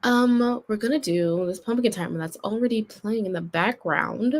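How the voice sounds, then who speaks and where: A woman hosting a casual writers' sprint stream, relaxed and wry, reading out chat comments. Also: mid-range voice, normal speed. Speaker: writing sprint host.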